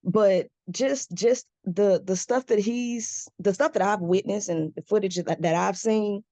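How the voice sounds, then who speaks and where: A woman's voice: medium pitch, a little slow, mellow, dry recording. A woman speaking on a casual podcast panel, hesitant and restarting her sentences. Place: video call from home.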